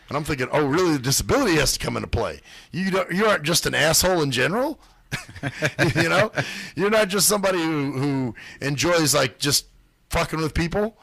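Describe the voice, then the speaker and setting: A man's voice: a little high, expressive, brisk, gravelly, fairly bright tone, slightly rough, no room sound. A man hosting a radio show, telling profane stories in casual chat and mimicking the people in them. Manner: profane storytelling, mimics other people's voices.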